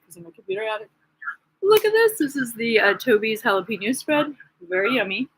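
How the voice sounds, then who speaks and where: Woman, husky voice, rambling vlog rant, gossipy, agitated, lots of fillers. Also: medium pitch, a bit bright, rough recording. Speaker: vlogger. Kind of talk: rambling casual monologue.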